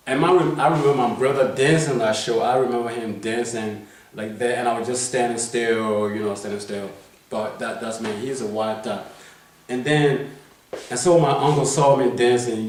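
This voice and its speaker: A man's voice: mid-range voice, a little hiss or hum. A man in his fifties talks casually about his life, circling back, restarting sentences and tagging questions onto the end of his thoughts. He sits well away from the microphone. The room around him rings with heavy echo. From Liberia. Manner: rambling, many restarts, keeps asking "you know what I'm saying". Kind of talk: casual life-story telling. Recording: very echoey room, mic far off.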